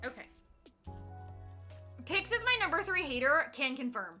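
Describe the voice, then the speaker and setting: Bright, chatty young woman streamer. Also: high-pitched, big pitch swings, a little slow, soft background music. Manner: chatty, teasing, swears freely, laughs often. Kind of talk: casual live-stream chat while cross-stitching.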